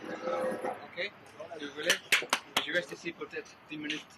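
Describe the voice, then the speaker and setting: A British truck driver giving short, quiet answers in a casual exchange. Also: male voice, fairly high pitch, fairly even intonation, moderate pace, background noise. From United Kingdom. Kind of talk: brief casual exchange in French.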